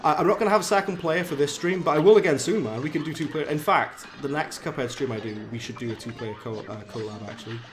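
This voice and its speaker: A man from South Wales with a Valleys accent, chatting casually on a live game stream, self-mocking and jumping up in pitch when frustrated. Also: quick pace, few pauses, a little hiss or hum. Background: game music.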